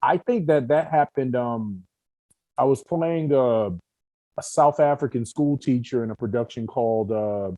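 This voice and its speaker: Brief: young male actor guest, lively storytelling chat, mid-pitched, dry close mic. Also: measured pace, dry recording, low-quality recording. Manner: animated, talkative storyteller. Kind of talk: casual podcast chat.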